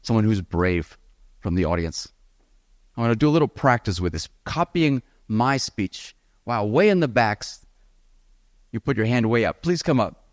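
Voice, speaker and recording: Upbeat low-voiced male teacher. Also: moderate pace, pauses often, no echo, clean studio sound. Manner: lively, encouraging, addresses the audience directly. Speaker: IELTS speaking teacher. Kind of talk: live seminar talk to an audience. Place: event hall with audience.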